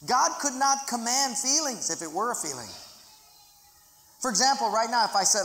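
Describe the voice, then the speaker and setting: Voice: mid-range voice, very animated, moderate pace, sharp tone. A pastor preaching a sermon in a large church auditorium, speaking dramatically and leading the congregation in reading scripture aloud. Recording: echoey hall with long reverb.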